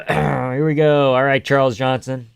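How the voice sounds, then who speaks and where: A man talking casually as he hosts a live fight stream, joking around, cursing freely and answering chat. His voice is smooth and clean, mid-pitched, recorded close and dry with no room sound. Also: moderate pace, no room sound. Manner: joking, swears often, reads chat aloud. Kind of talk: casual fight reaction commentary.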